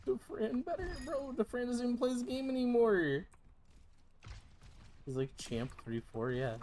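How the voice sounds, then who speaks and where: A man's voice: very high voice, expressive, unhurried, darkish tone, slight background noise. A man in his thirties streaming a game, talking casually in a joking, profane, playfully repetitive way. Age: 30s. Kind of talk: casual gaming stream commentary.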